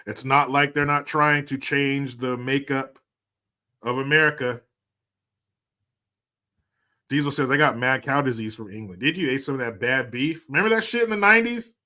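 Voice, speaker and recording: Male live-stream host in his forties, mid-pitched, jokey and profane chat. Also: normal speed, pauses often, pushed and bright. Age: 40s. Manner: jokey, profane, laughs often. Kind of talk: casual live stream chat, reading viewer comments.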